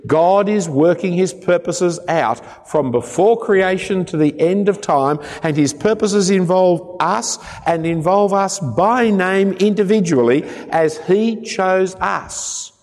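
A man's voice: high voice, lively intonation, slow, hardly any pauses, a little mellow. A man preaching a sermon, emphatic and prone to joking asides. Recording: long reverb of a large hall.

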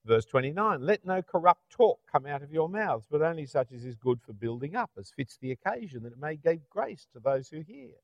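A middle-aged Australian man delivers a sermon in a chatty manner, often tossing out rhetorical questions like "isn't it?" His voice sits slightly high for a man. The recording sounds dull and lo-fi in a dry, dead room. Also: big pitch swings, fairly quick, hardly any pauses, no echo. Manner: conversational, with rhetorical tag questions. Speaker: preacher.

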